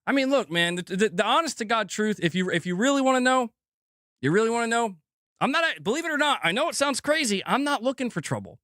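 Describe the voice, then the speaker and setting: A young adult man streaming about games, venting in a profane, animated way and acting out mock quotes of his critics. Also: very high-pitched, fast talker, no room sound, clean studio sound. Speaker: gaming streamer. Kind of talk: casual livestream rant.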